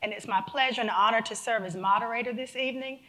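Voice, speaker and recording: A woman's voice: fairly high pitch, quick pace, pushed and bright. A woman moderating a museum panel discussion, introducing guests in an upbeat manner with laughing asides. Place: museum auditorium.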